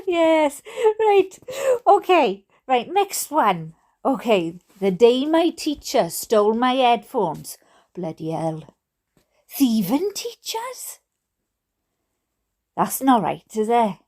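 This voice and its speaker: A woman's voice: on the high side, sing-song, slow pace, darkish tone. A Welsh woman reading funny stories aloud, with chatty, giggly, mock-indignant asides. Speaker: storyteller reading viewer stories.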